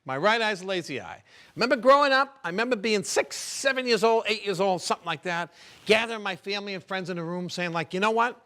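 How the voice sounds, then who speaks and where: Middle-aged guy doing standup, high bright voice, swings all over, chats up the crowd. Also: lively intonation, fast talker. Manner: chatty, teasing the crowd. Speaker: stand-up comedian. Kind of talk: stand-up comedy set. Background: audience laughter.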